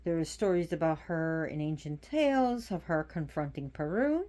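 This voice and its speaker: A woman casually talking to her viewers from home in a slow, rambling way. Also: sits low, animated, warm tone. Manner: slow, rambling, stops to scold her pets. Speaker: pagan religion video host. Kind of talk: casual spoken talk to viewers.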